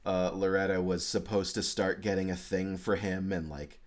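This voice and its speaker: Wry, low-voiced man chatting about films. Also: level tone, moderate pace. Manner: wry, joking commentary. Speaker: podcast co-host. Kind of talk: casual film-review chat.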